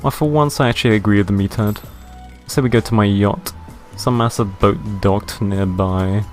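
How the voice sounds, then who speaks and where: A man's voice: fairly low pitch, moderate pace, faint music behind, lightly acted. A man reading the lines of a boastful, rich male island boss in a game, in a brash, bragging way. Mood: smug.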